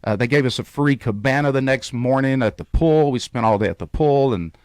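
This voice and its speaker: A man's voice: mid-range voice, fairly quick, darkish tone, no echo. A man hosting a radio show tells a travel story. He acts out the people he quotes. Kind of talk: animated storytelling. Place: radio studio.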